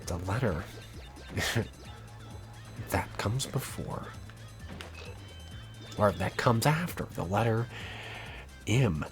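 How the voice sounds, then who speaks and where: A man's voice: fairly low pitch, animated, takes it slowly, pauses often, faint music behind. A man voicing the Joker as a menacing, grinning villain, taunting and conspiratorial.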